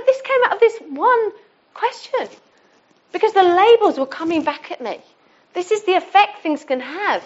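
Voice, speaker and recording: A middle-aged woman giving an informal, conversational sermon to her church. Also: high-pitched. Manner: warm, conversational, with restarts. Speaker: church speaker. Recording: dull lo-fi sound.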